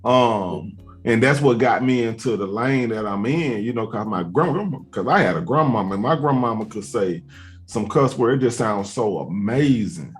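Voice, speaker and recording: A man's voice: on the low side, lively intonation, moderate pace, soft background music. Laid-back man spinning a long story. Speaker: host. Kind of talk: casual chat, storytelling.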